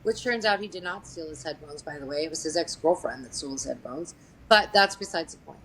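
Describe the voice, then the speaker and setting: A woman's voice: deep voice, expressive, brisk, a bit bright, breathy edge, low-quality recording. A woman telling a true family story in a candid, conversational way. She is blunt, swears freely and speaks matter-of-factly, with frequent fillers. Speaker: guest sharing a family story.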